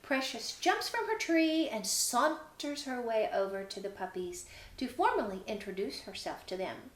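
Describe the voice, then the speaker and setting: A woman hosting a children's storytime, gently reading and encouraging, recorded in an echoey room. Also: fairly high pitch, very animated, moderate pace. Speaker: storytime host. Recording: roomy echo.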